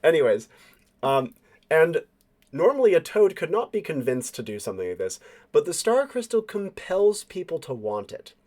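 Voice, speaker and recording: A man narrating as game master of a tabletop role-play game in a relaxed, loose way. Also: fairly high pitch, normal speed.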